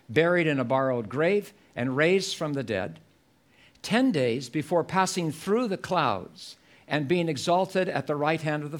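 A man preaching a sermon at a church service, slow and emphatic, repeating key phrases for effect. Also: a little high.

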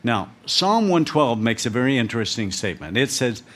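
Male visiting preacher, mid-pitched voice, emphatic storyteller in a sermon. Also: very animated, brisk.

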